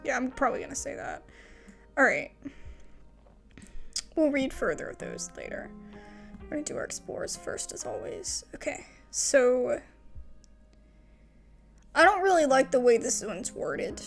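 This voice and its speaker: A woman's voice: high-pitched, very animated, normal speed, gravelly, pauses often, faint music behind. A young woman casually commenting on a story game as she plays, thinking aloud and often second-guessing herself. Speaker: gamer playing a story game.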